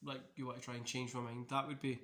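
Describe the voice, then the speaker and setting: A man's voice: medium pitch, flat delivery, fast, fairly bright tone. Rambling man, echoey room. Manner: loose, rambling chat. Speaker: wrestling channel host. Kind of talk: casual watch-along commentary.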